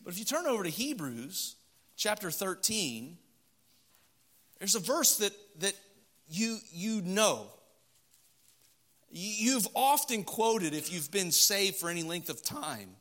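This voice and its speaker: A middle-aged man delivers a storytelling sermon from the pulpit of a church. His voice sits high and bright. He moves between loud, emphatic passages and soft, low asides. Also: sing-song, takes it slowly, pauses often. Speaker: pastor. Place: church sanctuary.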